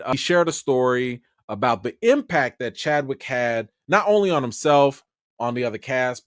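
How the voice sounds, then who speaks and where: A man on a YouTube channel giving conversational livestream commentary about a film story, with an animated, filler-heavy delivery. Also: mid-range voice, no room sound, studio quality.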